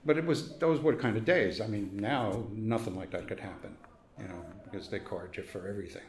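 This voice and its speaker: Older guy from brooklyn spinning stories, lowish voice, roomy echo. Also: brisk. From Brooklyn, New York. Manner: storytelling, acts out quoted voices, chuckles. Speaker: interviewee. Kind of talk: oral history interview.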